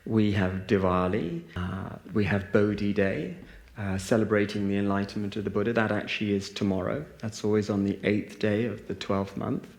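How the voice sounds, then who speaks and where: This man's voice sits on the low side, creaky and darkish, with fairly even intonation at a moderate pace. He leads a live audience in a large hall through a reflective spiritual talk and group meditation, using many fillers and restarts, recorded with roomy echo.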